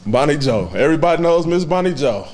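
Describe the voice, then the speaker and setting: Amid heavy background noise, a man in his thirties accepts a hall of fame honor at a banquet, his speech halting and sincere as he chokes back tears and laughs gently. His voice is fairly high and expressive.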